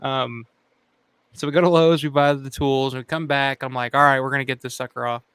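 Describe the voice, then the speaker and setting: A man's voice: mid-range voice, fairly even intonation, a little fast, a bit bright, smooth, no room sound. A man hosting a casual chat show, telling a story in a loose, swearing way, laughing often and acting out what people said. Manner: swears freely, laughs often, acts out quotes. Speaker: channel host.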